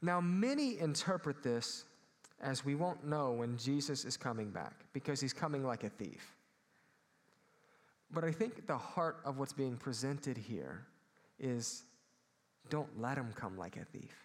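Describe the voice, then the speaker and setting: A man's voice: medium pitch, expressive, measured pace. A man, preaching a sermon as pastor, earnest and calling out for amens. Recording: long hall reverb.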